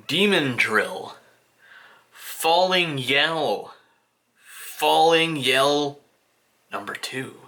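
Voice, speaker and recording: A man's voice: medium pitch, bright, forceful tone. A man from the United States casually talking through his CD collection on camera, rambling and joking at himself with the odd put-on voice. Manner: rambling, self-mocking, with playful put-on voices. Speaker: vlogger showing his CD collection. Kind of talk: casual video commentary.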